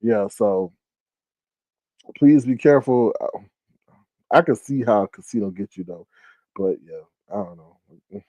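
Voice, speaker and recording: A man hosting a casual live stream, talking to his chat with drawn-out "ooh, child" asides and sudden shrieking exclamations. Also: no echo, low-quality recording. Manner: animated, with shrieking high exclamations and laughter.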